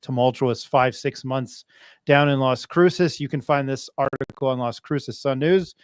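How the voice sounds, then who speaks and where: A man's voice: mid-range voice, measured pace, clear, resonant tone, no echo, clean studio sound. A man hosting a sports talk show in a casual, joking, self-deprecating way. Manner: joking, self-deprecating, laughs between lines. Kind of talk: casual chat.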